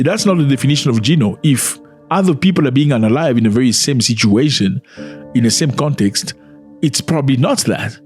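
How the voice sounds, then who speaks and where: Animated male reaction commentator. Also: mid-range voice. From Africa. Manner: animated, indignant, repeats himself for emphasis. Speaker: commentary channel host.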